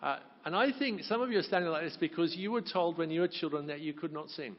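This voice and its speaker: A man's voice: a little high, fast talker, slight background noise. A man from Wales with a Welsh accent, leading a crowd in a sing-along as a chatty, encouraging choir leader. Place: large hall at a conference. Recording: echoey hall, dull sound.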